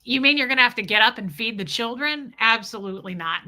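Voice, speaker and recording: A woman's voice: fairly high pitch, a little fast, bright, forceful tone. A woman vlogger telling a story to her viewers and answering their comments in a candid, chatty way, often laughing and addressing the audience.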